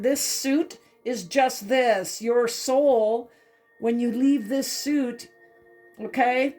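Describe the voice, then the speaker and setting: A woman doing a spiritual tarot reading, emotional and repeating herself, often saying "okay". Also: fairly high pitch. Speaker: tarot reader.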